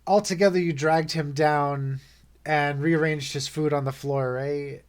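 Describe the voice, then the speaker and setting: A man acting as game master for an online tabletop game, unhurried and rambling, often correcting himself. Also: a little high, steady tone. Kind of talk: narrating a tabletop game over a call.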